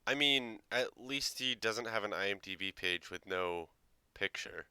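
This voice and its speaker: A man's voice: lowish voice, a little slow, sharp tone, smooth, no echo. A man hosting a casual reaction video, sarcastic and swearing, mocking what he quotes.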